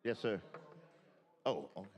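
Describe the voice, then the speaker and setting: Guy senator rambling at the floor mic, lowish voice, big echoey chamber. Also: animated, unhurried, a little mellow. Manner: loose, folksy, rambling with many restarts. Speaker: state senator. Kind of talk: informal remarks on the chamber floor. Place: large legislative chamber. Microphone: floor microphone. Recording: long reverb of a large hall.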